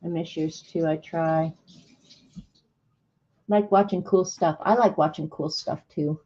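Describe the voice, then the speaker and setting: A woman with a lowish voice hosts a relaxed art livestream, greeting viewers by name and reading snarky sayings aloud. Her chat is easygoing and chatty. The stream audio sounds a little dull and lo-fi. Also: measured pace.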